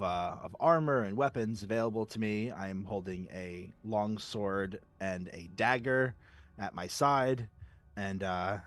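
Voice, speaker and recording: A man playing a tabletop game, describing his half-elf rogue in character in a playful way. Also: fairly low pitch. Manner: playful, breaks into character voices. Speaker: player.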